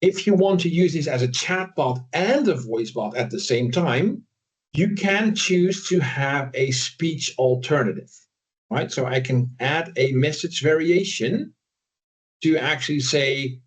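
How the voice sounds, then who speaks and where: A man giving a casual screen-share software walkthrough, thinking aloud with frequent fillers and tag questions. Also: fairly high pitch, lively intonation, measured pace. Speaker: presenter demoing software.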